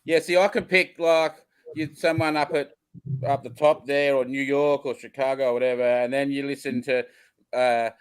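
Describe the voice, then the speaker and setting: An Australian man chatting in a laid-back, joking way. His voice sits in an ordinary middle pitch, and his talk drifts easily from one point to the next. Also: fairly even intonation, normal speed, clear, resonant tone. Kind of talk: casual chat.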